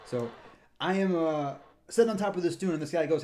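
Fast and a touch mellow, with a voice on the high side, the park ranger tells a loose, wandering anecdote about his park work. He co-hosts this easygoing podcast and mimics the people he describes.

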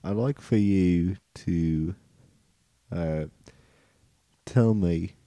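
A man playing a self-important judge who speaks softly and haltingly, a little lower than his own voice. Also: dry recording, heavily acted. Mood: solemn. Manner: soft, halting and low. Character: slow, mumbling, self-important male judge.

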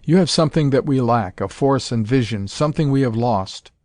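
A man's voice: medium pitch, expressive, a little fast, a little mellow, dry recording, studio quality, close to an everyday voice. A man voicing an earnest alien ruler in an audiobook, pleading in a raised voice.

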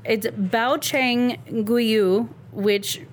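A woman's voice: fairly high pitch, steady tone, drawn-out words, a little hiss or hum. A woman co-hosting a casual podcast, retelling a news story in a wry, laughing way. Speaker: podcast co-host.

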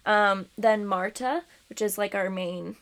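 A woman's voice: medium pitch, measured pace, fairly bright tone. A young woman co-hosting a casual podcast, chatty and giggly, often stumbling over names. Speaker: podcast co-host. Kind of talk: casual chat.

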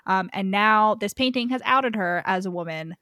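Animated woman with a dry, close sound. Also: moderate pace, no room sound. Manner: animated, acts out characters' lines with big pitch jumps. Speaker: podcast co-host. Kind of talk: casual book recap chat.

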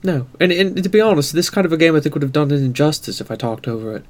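Give me a relaxed, chatty man co-hosting a gaming podcast. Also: fairly high pitch, quick pace. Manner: relaxed, self-deprecating, chatty. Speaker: podcast co-host. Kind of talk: casual chat.

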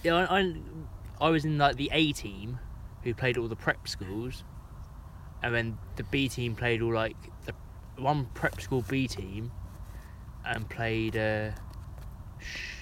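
A man's voice: medium pitch, slow, long pauses, fairly bright tone, slight background noise. A young man from England co-hosting a podcast, chatting casually, swearing and joking between laughs. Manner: sweary, jokey, laughs a lot. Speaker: podcast co-host. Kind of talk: casual banter.

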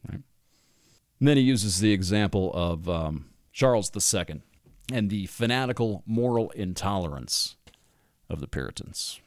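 A man's voice: on the low side, animated, normal speed, no room sound, studio quality. A man delivering an opinionated monologue, reading passages aloud from a book and breaking in with sarcastic asides and laughs.

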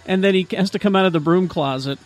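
High-voiced hesitant host, music under. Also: male voice. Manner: halting, filler-heavy, steering. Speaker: podcast host steering segments. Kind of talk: casual podcast banter.

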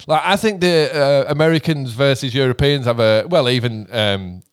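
A young British man in casual chat, animated and rambling, swearing and laughing often. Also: medium pitch, moderate pace. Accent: British English. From Britain.

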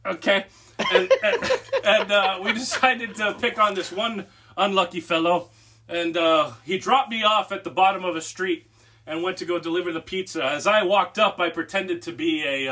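A young man co-hosting a podcast, telling a story in an animated, laughing way. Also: high-pitched. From Massachusetts, USA. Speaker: podcast co-host. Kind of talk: casual podcast chat.

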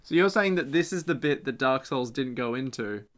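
A man co-hosting a casual podcast, chatting with quick, jokey quips. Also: medium pitch, lively intonation, a bit bright. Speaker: podcast co-host. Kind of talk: casual chat.

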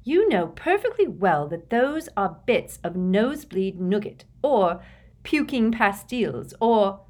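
A woman's voice: medium pitch, big pitch swings, slow pace, pitched above the performer's own voice, full character voice. Hermione, a woman voicing a scolding schoolgirl. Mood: indignant. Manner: sharp, scolding, emphatic. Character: bossy teenage schoolgirl witch, indignant.

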